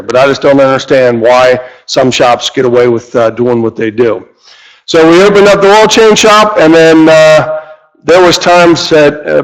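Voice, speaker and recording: A man's voice: on the high side, rough recording. Rambling Midwestern man telling shop stories. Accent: Midwestern American. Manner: rambling, anecdotal, many fillers. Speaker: car repair shop owner and radio host. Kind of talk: casual storytelling talk.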